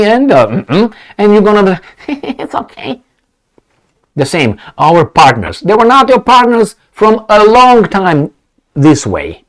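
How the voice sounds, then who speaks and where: A man's voice: high-pitched, huge pitch swings, unhurried. A man giving off-the-cuff political commentary, rambling with restarts and sarcastic asides.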